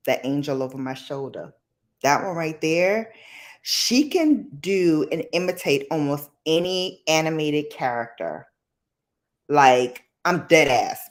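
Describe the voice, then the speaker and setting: A chatty woman hosts a casual live stream and slips into slang. Her voice swings widely in pitch, with bright shouted greetings. She talks at an easy, unhurried pace. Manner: chatty, slangy, playful, greets viewers with loud high calls. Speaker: livestream host.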